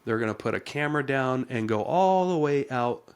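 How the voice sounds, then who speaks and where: A man's voice: mid-range voice, lively intonation, fairly quick, smooth. A man co-hosting a podcast and explaining home inspections as a real estate agent, in a conversational, rambling style full of fillers and restarts. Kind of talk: casual explanatory chat.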